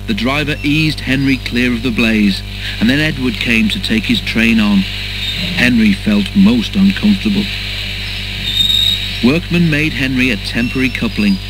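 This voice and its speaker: A male narrator reading a children's storybook in a measured, even manner. His pitch sits in the middle range, with soft music playing faintly behind. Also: rough recording.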